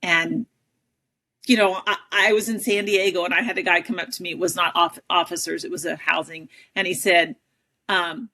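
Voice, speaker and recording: A woman on an interview show telling a personal story in a lively, self-deprecating way, often acting out the people she quotes. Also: on the low side, normal speed. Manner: animated, self-deprecating, acts out quoted dialogue. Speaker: interview guest, advocate and educator.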